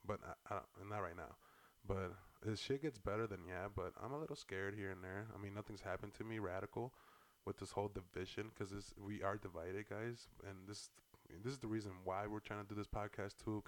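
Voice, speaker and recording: A man co-hosting a casual podcast, talking in a rambling, profane way with lots of slang. His voice sits a little low, and he breaks into loud bursts now and then. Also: fairly even intonation, a little fast. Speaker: podcast co-host. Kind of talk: casual political chat.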